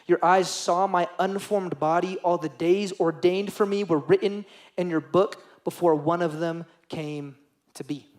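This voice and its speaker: A man's voice: high voice, steady tone, a little slow. A young man preaching a sermon to teenagers as youth pastor, earnest and emotional, repeating phrases for emphasis.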